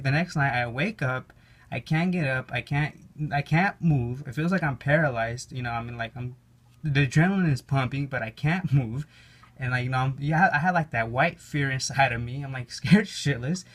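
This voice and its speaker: A man's voice: medium pitch, fairly bright tone. A young Mexican American man talking casually about his own experiences, rambling with many fillers, swearing and laughing often. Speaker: YouTube card game channel host. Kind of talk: casual storytelling monologue.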